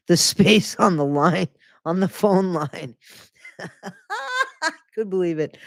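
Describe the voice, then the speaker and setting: A host reads a memoir aloud, then cuts in with snide asides and laughter. The voice sits at a medium pitch. The recording is dry and close, with little room sound. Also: sing-song, slow, long pauses, no echo. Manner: mocking, laughs often, sarcastic asides. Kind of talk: book reading with sarcastic commentary.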